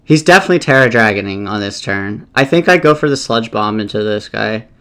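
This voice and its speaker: A man's voice: fairly low pitch, animated, a little fast, fairly bright tone. A man giving casual, rambling live commentary while playing a competitive game, thinking aloud and swearing often out of exasperation.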